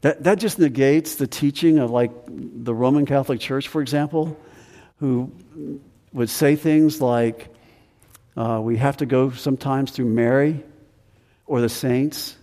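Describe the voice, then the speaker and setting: Male pastor, earnest sermon delivery, mellow tone, long reverb of a big room. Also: mid-range voice. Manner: earnest preaching, slowing on key phrases and rising with emphasis.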